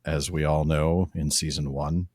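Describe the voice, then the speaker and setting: A man's voice: very deep voice, flat delivery, measured pace, darkish tone, dry recording, studio quality. A man co-hosting a podcast, reading passages aloud and breaking them down in casual discussion. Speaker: podcast co-host.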